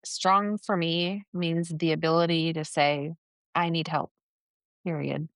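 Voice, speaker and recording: Blunt, low-voiced woman co-host. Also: steady tone, slow pace, dry recording. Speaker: podcast co-host. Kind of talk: casual podcast chat.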